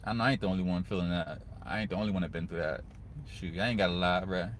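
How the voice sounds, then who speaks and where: A young man, giving casual, earnest advice to other men, often turning to the listener with a quick "right?". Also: deep voice, slight background noise. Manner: earnest, conversational, repeats "guys" and "right?". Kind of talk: casual motivational talk to camera.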